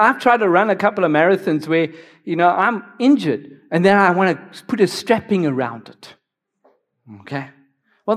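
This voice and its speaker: High-voiced emotional male pastor. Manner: personal, emotional preaching with many restarts. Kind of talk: sermon.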